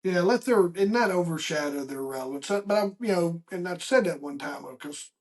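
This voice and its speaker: A man hosting a podcast, chatting casually and telling stories with lively acted-out dialogue. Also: fairly high pitch, fairly quick. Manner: animated storyteller who acts out quoted dialogue; chatty, with frequent restarts and asides. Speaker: podcast host. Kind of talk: casual conversational interview.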